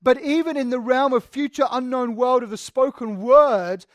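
A woman's voice: high voice, normal speed, no echo. A woman preaching a conversational sermon, chatty and emphatic, with frequent ums and repeated words.

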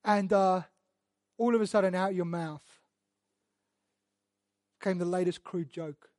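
A man preaching a sermon and teaching through Bible verses, speaking earnestly, often repeating words as he restarts, and building to loud emphatic passages. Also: high-pitched, fairly even intonation, unhurried, no room sound. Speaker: pastor.

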